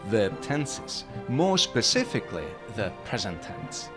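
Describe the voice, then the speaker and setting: Lively, upbeat male language teacher. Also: on the low side, slow, over music. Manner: upbeat, clear step-by-step explaining. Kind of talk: explaining grammar to camera.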